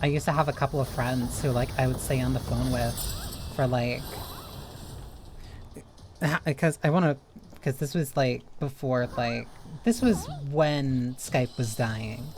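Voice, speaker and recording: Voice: mid-range voice, a little slow, noisy background. A streamer chatting casually while playing a game, rambling loosely from one thought to the next.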